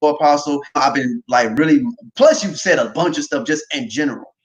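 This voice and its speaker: A man hosting a casual faith talk livestream, animated and often laughing, tagging lines with "right?". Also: on the high side, poor audio. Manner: animated, quick to laugh, repeats himself, says "right?" often. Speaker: podcast host.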